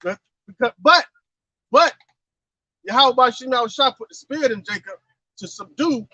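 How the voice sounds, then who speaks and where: A man with a very high and bright voice speaks emphatically in a religious discussion and rounds off his points with "man" or "all right". The audio is dry and dull, like a lo-fi online call. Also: lively intonation, normal speed, no echo. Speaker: Bible study participant. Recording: dull lo-fi sound.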